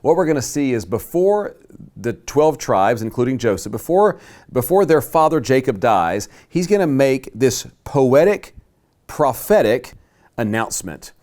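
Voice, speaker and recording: Man, Bible class lecture, lively pitch, emphatic, slows on key words. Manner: live teaching to a class with handouts. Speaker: Bible teacher.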